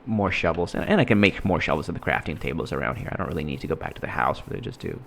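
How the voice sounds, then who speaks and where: A man giving casual, rambling commentary while playing a game, halting and restarting his sentences often. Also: very deep voice, animated, vocal fry, slight background noise. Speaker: gameplay commentator.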